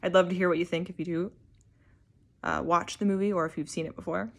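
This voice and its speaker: A woman's voice: fairly low pitch, fairly even intonation, fast talker, gravelly. A young woman vlogger chatting casually, gushing and rambling with lots of filler words. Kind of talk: casual chat.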